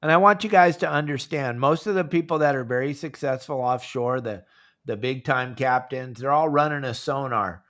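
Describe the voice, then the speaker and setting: A man's voice: mid-range voice, normal speed, a bit bright. A man hosting a fishing podcast over a video call, talking casually and acting out phone calls with members in a raised voice. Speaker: fishing show host.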